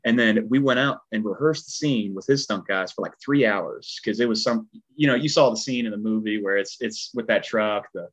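A man working as a stunt performer tells a long story in casual chat, animated and rambling, with a twang in his speech. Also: fairly low pitch, normal speed, hardly any pauses, slightly rough, low-quality recording. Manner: animated, rambling, heavy filler words.

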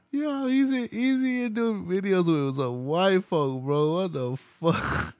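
A man's voice: high-pitched, slow pace, dry recording. A man hosting a podcast, ranting casually in a rambling, profane way and laughing often. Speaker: podcast host. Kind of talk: casual rant.

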